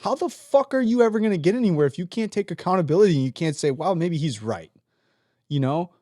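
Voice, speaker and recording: A man's voice: sits high, fast talker, no room sound, clean studio sound. A man co-hosting a podcast in casual chat, ranting heavily and swearing freely; he leads a team at work. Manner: profane, ranting, animated. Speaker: podcast co-host.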